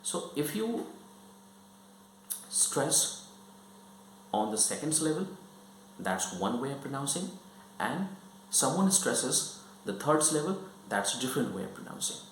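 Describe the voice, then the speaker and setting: A man's voice: mid-range voice, very animated, a little slow, long pauses, reverberant, slight background noise, low-quality recording. Man teaching pronunciation. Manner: repetitive, checks understanding often. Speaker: English teacher. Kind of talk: explanatory lesson.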